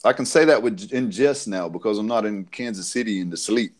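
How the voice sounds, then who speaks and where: A man's voice: lowish voice, fairly quick. Man telling a rowdy story. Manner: swears freely, laughs through the story. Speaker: podcast panelist. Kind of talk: casual storytelling.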